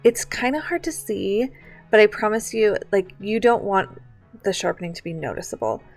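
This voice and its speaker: Chatty woman teaching a software class. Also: mid-range voice, expressive, normal speed, gravelly, faint music behind. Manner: chatty, filler-heavy, explains step by step. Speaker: photography instructor. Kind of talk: casual screen-share tutorial. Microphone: computer mic on a live online class.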